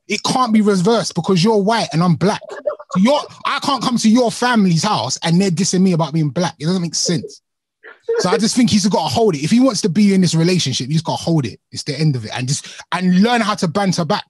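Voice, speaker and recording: A man's voice: high voice, lively intonation, fairly quick, husky, dry recording. A young man co-hosting a live chat show, heated and slangy, laughing often. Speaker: co-host of a live discussion stream. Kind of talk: casual chat.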